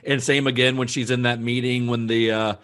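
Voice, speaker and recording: A man's voice: mid-range voice, little pitch movement, brisk, fairly bright tone. A man co-hosting a casual film discussion podcast, chatty, with frequent fillers and restarts. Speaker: podcast co-host.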